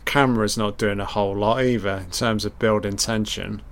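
A man's voice: lowish voice, steady tone, moderate pace, a bit bright. A man giving a casual watch-along film commentary, blunt and sarcastic, swearing constantly and dryly critiquing what he sees. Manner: dry running critique.

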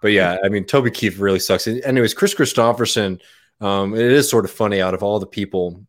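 A man with a low-pitched voice chats casually on a podcast. He tells a long, rambling story, leaning on "um" and "uh" and breaking into easy laughter. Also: fairly quick. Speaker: podcast guest. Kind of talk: casual chat.

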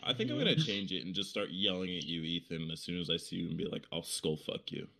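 A man's voice: low-pitched, sing-song, quick pace, creaky, bright, forceful tone. A young man co-hosting a podcast in casual chat, loose and joking and laughing often. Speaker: podcast co-host.

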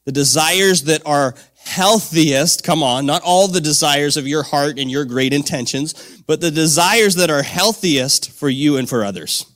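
A man preaching a sermon to men in a conversational way, swinging from quiet reflection to loud, energetic shouts. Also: on the high side, a little slow. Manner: dynamic, swings from soft to shouting; conversational, with fillers and "come on".

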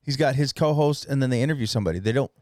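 A man co-hosting a casual podcast, talking in a halting, rambling way full of fillers. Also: mid-range voice, a little mellow, dry recording, clean studio sound. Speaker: podcast co-host. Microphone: studio mic.

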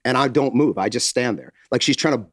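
A man's voice: mid-range voice, fairly quick, no room sound. American guy spinning a story to friends, mid voice, dry close sound, swears a lot. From United States. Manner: animated, acts out quotes, swears. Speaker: podcast host telling a story. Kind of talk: casual storytelling chat.

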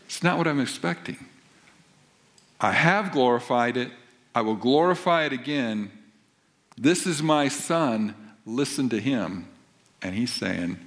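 A man's voice: mid-range voice, lively intonation, normal speed, fairly bright tone. A man who is a pastor, preaching a sermon and reading scripture aloud before explaining it in a conversational, emphatic way.

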